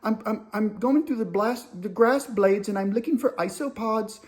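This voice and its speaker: A man doing a soft, earnest, awkward young inmate. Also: high voice, natural voice. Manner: soft, slow, earnest and lecturing. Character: awkward young male inmate obsessed with bugs.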